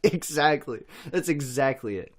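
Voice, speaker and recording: A man's voice: mid-range voice, expressive, measured pace. A man guesting on a podcast, chatting casually with a lot of swearing, crude jokes and frequent laughs. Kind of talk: casual profane chat.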